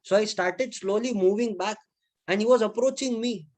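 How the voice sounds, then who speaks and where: A high-voiced man from Mumbai with an Indian English accent speaks at a normal speed. He's a lecturer telling chatty, animated anecdotes to his students in a casual classroom style, acting out the quotes.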